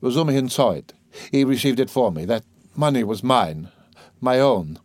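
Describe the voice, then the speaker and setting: A man reading an audiobook, voicing a brooding young man who talks in a weary, low, muttering way. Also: lively intonation, normal speed, darkish tone, dry recording, close to an everyday voice. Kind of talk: audiobook character voice.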